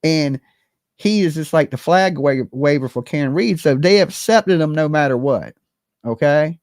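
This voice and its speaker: Livestream host, lively swinging pitch, blunt and profane, talks to chat, dry close sound. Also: moderate pace, dry recording. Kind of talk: live-stream commentary with call-ins.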